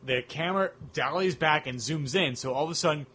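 A man's voice: on the high side, a little fast, sharp tone, husky. A man co-hosting a casual film chat, rambling enthusiastically and humming music cues. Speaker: podcast co-host.

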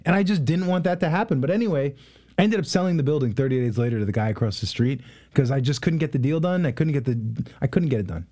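A man in his twenties, a guest in a casual interview, telling stories in an animated way with many fillers. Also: fairly high pitch, fast talker. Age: 20s. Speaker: guest, real estate investor.

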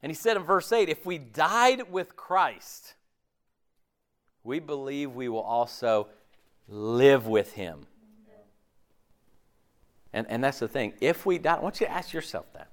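A man preaching a sermon in a conversational, animated way, often acting out imagined voices. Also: medium pitch, measured pace, long pauses.

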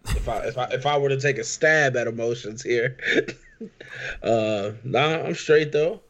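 Podcast co-host, man, mid pitch, loose and joking, repeats words. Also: unhurried. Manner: relaxed, joking, stammers. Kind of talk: casual podcast chat.

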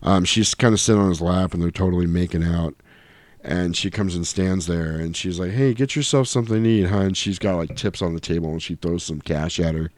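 A man's voice: low voice, little pitch movement, fairly quick, darkish tone, no room sound. A man casually retelling a film's plot on a podcast, acting out the characters' lines as he goes. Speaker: podcast host. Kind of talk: casual movie recap chat.

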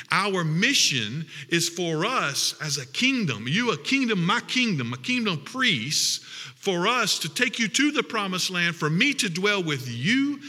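A man's voice: on the high side, sharp tone, big-room sound. A man preaching a sermon as pastor, repeating phrases for emphasis.

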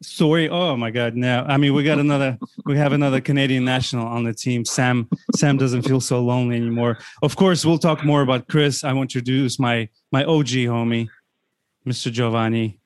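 A man's voice: medium pitch, steady tone, fairly quick, clear, resonant tone, dry recording, clean studio sound. A man hosting a sports podcast, talking in a casual, rambling way with many restarts. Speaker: podcast host. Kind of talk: casual chat.

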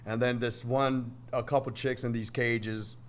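A man's voice: medium pitch, flat delivery, a little slow, a little hiss or hum. Blunt, crude-talking man in a band. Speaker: band member guest. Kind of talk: casual chat.

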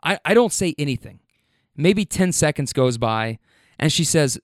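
A man hosting a show, telling a comic story in a casual, animated, profane way with quick asides. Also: on the high side, no echo, clean studio sound.

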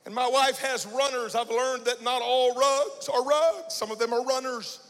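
High-voiced preaching man in a big hall. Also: steady tone, normal speed. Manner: impassioned preaching, shouting and chanting in bursts. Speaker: pastor. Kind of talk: sermon. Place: large church sanctuary. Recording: church hall with long reverb.

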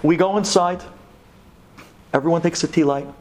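A man, a rabbi, telling a story to an audience, animated and dramatic, sprinkling in Hebrew terms. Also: normal speed, a little hiss or hum. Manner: animated, voice jumps up high for dramatic moments.

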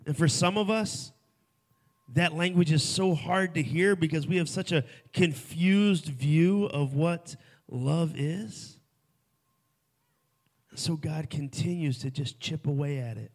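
A man preaching a sermon at a festival, swinging from hushed, soft lines to loud, emphatic ones. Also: a little high, a little slow. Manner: dynamic, swings from hushed to shouting. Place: festival stage before a crowd.

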